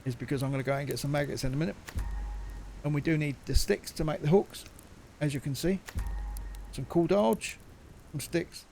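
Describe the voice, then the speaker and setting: A man gives running commentary on a survival game, muttering to himself and swearing mildly. His voice sits a touch high but has a gravelly, crackly edge. A clear hiss of noise runs under the recording. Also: fairly quick, long pauses, dark tone. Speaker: gaming channel host.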